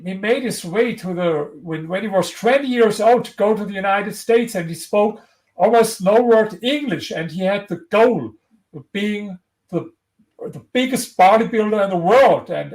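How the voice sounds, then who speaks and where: High-voiced man with German accent. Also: darkish tone, poor audio. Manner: earnest, motivational, frequent restarts. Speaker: interview guest, author. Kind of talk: conversational interview.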